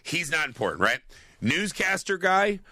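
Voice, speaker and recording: A man's voice: a little high, moderate pace, dry recording, studio quality. A man co-hosting a movie podcast in casual chat, swearing freely and acting out quoted lines. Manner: profane, animated storyteller who acts out quoted voices. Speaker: podcast co-host.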